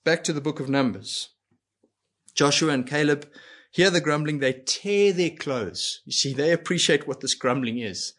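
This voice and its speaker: A man's voice: fairly high pitch, moderate pace, a bit bright. A man preaching a sermon in an earnest way, asking rhetorical questions and acting out quoted lines. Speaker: pastor.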